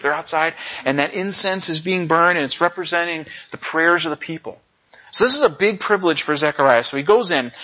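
Lively man preaching, bright lo-fi sound. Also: fairly high pitch. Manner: animated storyteller, acts out quotes. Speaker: pastor. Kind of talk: conversational sermon. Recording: dull lo-fi recording.

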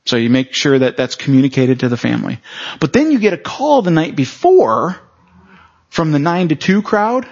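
A man's voice: a little high, big pitch swings, normal speed, a little mellow. A man preaching a conversational sermon, who often checks in with the congregation through rhetorical questions. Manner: frequent rhetorical check-ins with the audience. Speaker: pastor. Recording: dull lo-fi recording.

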